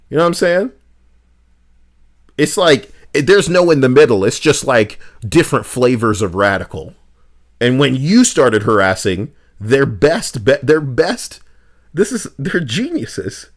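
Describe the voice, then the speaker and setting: Man, game streamer, ranting, swearing, sarcastic, lively swinging pitch. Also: unhurried. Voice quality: animated, swings between mock voices and mutters. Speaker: streamer reacting to posts. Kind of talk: profane ranting commentary.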